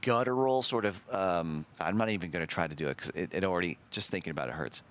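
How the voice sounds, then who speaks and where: A man's voice: low voice, quick pace, a bit bright, clear, resonant tone. A man hosting a stream in casual chat, rambling and self-deprecating as he looks back. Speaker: streamer host.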